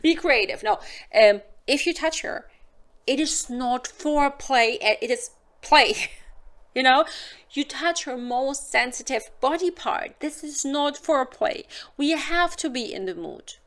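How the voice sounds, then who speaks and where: Here a hypnotist and sex advisor from Germany, a woman with a German accent, offers frank, casual advice to the camera. She acts out little scenes in goofy voices, and her high voice is expressive and measured in pace.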